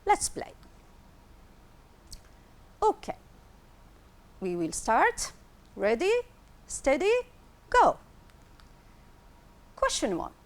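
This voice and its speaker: Slow, lively-voiced woman teacher. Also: high-pitched. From Tunisia. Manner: slow, clear teacherly explaining, repeating words for pronunciation. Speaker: English teacher. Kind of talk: televised classroom lesson.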